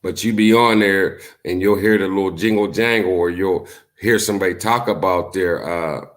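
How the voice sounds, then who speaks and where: Laid-back man chatting on a livestream. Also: moderate pace. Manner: animated storytelling, acts out quotes in high voices. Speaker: YouTube streamer. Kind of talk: casual live-stream commentary.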